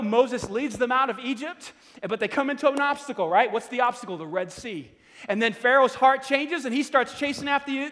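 Animated high-voiced male preacher. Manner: animated, repeats words, calls out to congregation. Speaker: pastor. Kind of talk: sermon. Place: church hall. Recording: long hall reverb.

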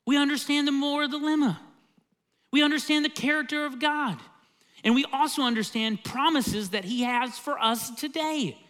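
High-voiced, bright-toned man preaching. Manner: emphatic and conversational, often opens with "See,". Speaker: pastor. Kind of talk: sermon.

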